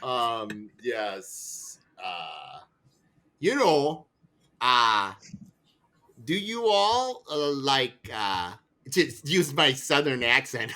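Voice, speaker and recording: A man's voice: mid-range voice, very animated, drawn-out words, bright, forceful tone. A man playing a tabletop role-playing game, improvising in character in a playful, stammering way. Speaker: player.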